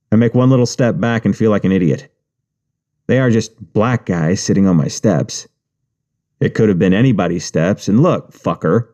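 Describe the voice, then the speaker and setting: A man's voice: fairly low pitch, warm tone. A man narrating an audiobook in the first person, with a wry, profane inner-monologue manner.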